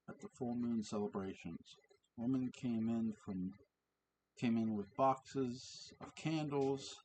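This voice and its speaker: A man reading a story aloud in a halting way, often correcting his own slips, recorded on a distant mic with faint hiss. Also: fairly low pitch, darkish tone. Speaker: reader. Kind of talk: reading fan fiction aloud.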